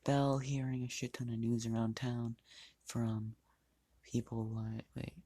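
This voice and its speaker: A man's voice: mid-range voice, little pitch movement, unhurried, warm tone, slight background noise. Rambling, swearing male fan storyteller. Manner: rambling, swears, restarts often. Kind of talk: casual fan story narration.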